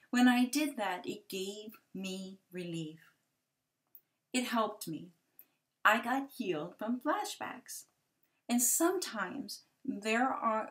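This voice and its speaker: A woman in her forties giving a personal testimony talk for a ministry, gentle and halting, with hesitant restarts. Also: mid-range voice. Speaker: ministry speaker sharing testimony.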